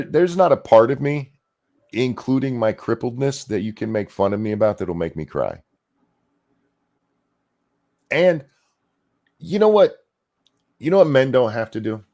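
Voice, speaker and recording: Mocking man with a lively low voice. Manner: mocking, sarcastic. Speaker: podcast host. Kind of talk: casual ranting commentary.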